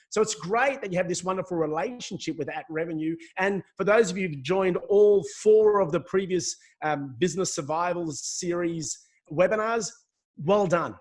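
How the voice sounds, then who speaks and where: Australian guest speaker, middle-aged man, light high pitch, chatty and jokey, webinar video call. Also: breathy edge. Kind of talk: webinar presentation.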